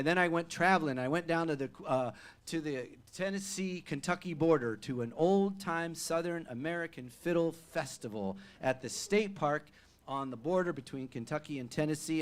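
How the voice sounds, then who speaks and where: A male singer-songwriter telling an animated stage story between songs at a live music venue, chatty with fillers and restarts. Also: a little high, normal speed, smooth.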